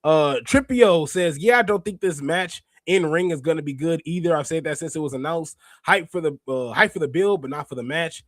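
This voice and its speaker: A man hosting a wrestling review podcast, chatting casually and slangily, reading out chat comments and bursting into laughs and shouts. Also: a little high, a little fast, hardly any pauses, no room sound. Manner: excitable, laughs often and breaks into shouts; slangy, talks straight to chat readers. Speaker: podcast host.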